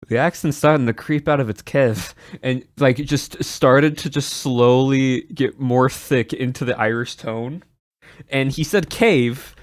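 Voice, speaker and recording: A man's voice: medium pitch, a little slow, no echo, clean studio sound. A man streaming and chatting casually to his viewers, rambling with many restarts and chuckles.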